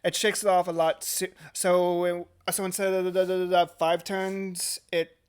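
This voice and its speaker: A smooth, mid-range voice with a level tone and moderate pace belongs to a tabletop game player during casual play. They talk hesitantly, with lots of fillers and restarts, yet stay precise about the rules.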